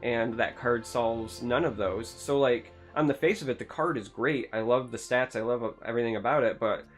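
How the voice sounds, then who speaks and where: A man's voice: mid-range voice, normal speed, soft background music. A man hosting a casual gaming podcast, enthusiastic and rambling, with lots of "like" and "um". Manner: enthusiastic, rambling, many fillers like "like" and "um". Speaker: podcast host.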